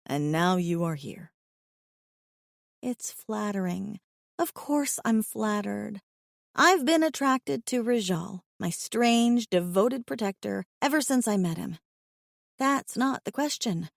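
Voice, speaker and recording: Slow, wry woman audiobook narrator. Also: a little high, vocal fry, no echo, clean studio sound. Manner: expressive, wry inner monologue. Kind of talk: first-person romance audiobook narration.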